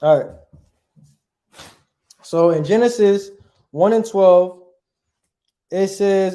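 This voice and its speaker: Man, unhurried teacher, slightly high voice, echoey room, informal lesson style. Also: dark tone. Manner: casual, repeats "right?" often, pauses to look things up. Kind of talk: informal Bible language lesson.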